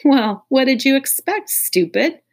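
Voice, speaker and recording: A woman's voice: mid-range voice, very animated, takes it slowly, pitched above the performer's own voice, full character voice. A woman reading an audiobook, voicing a bossy, contrary schoolgirl who snaps rudely at classmates. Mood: snappy. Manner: snappy, rude, contrary. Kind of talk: audiobook character voice.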